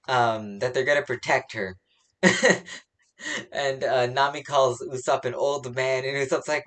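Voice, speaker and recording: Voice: medium pitch, fairly even intonation, slow, a bit bright. A comic fan recapping a new chapter in a loose, rambling way, full of fillers and restarts. They chuckle at their own mistakes and drift into personal opinions as they go. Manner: rambling, many fillers, laughs at own slips. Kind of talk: casual spoken recap and opinion.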